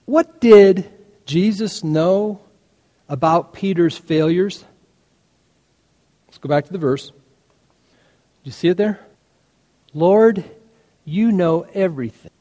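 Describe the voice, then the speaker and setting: A man's voice: sits high, slow pace, long pauses, mellow. A man preaching a sermon, retelling a story and acting out its dialogue with rising intensity. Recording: hall reverb.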